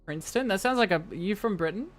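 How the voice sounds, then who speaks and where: A young woman talks to her stream chat in a loose, playful ramble. She jumps from topic to topic and jokes at her own expense, while soft music plays quietly behind her. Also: mid-range voice, lively intonation, fast. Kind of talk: casual live-stream chat. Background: faint music.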